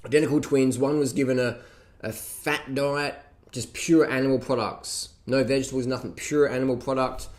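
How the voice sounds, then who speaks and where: A man's voice: medium pitch, fairly even intonation, moderate pace. A man ranting casually and profanely, mocking others with laughs as he reacts to a documentary. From Australia. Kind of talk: casual rant.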